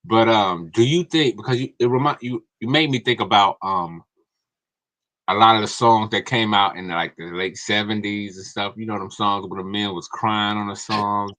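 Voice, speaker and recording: A man's voice: on the low side, fairly even intonation, normal speed, pushed and bright. A man in casual livestream chat, laid-back, often ending lines with "man".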